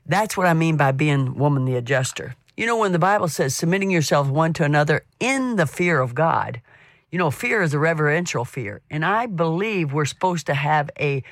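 A woman's voice: low-pitched, animated, moderate pace, dry recording, studio quality. Chatty middle-aged woman hosting devotional radio. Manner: chatty and anecdotal, warm storytelling with restarts. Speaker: radio program host.

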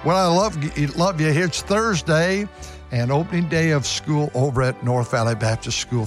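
A man's voice: a little high, normal speed, soft background music. An older man, a pastor giving an earnest radio devotional sermon, often restarting and repeating his words. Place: church pulpit.

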